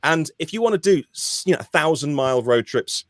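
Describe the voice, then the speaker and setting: Animated man on a podcast. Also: a little high, fairly quick, no room sound, clean studio sound. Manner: animated, emphatic, restarts often. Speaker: podcast co-host. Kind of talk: casual podcast chat.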